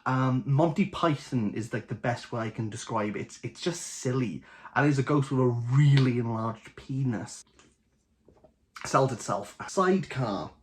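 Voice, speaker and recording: A man's voice: medium pitch, a little slow. A young man with a Welsh Valleys accent, chatting casually and jokily to camera as host of a book channel. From Wales. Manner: chatty, jokey, animated.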